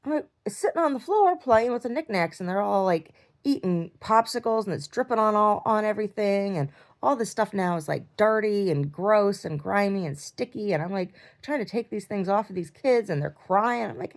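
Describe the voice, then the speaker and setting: A woman's voice: mid-range voice, lively intonation, normal speed, few pauses. A woman in chronic pain, telling a rambling video-diary story with lots of fillers and restarts. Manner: acts out quoted lines in a raised voice. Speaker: video diarist. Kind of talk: casual video diary, recounting a dream.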